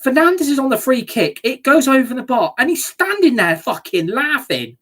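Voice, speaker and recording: A woman's voice: sits high, very animated, moderate pace, fairly bright tone. A woman ranting angrily as a football fan reacting to a match, sweary and scornful.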